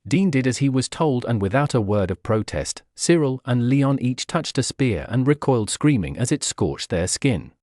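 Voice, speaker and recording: A man narrates a fanfiction story as an audiobook, reading dramatically and expressively. His pitch moves freely across a lively range. The voice is dry and close, with no room sound. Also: moderate pace, few pauses, no echo.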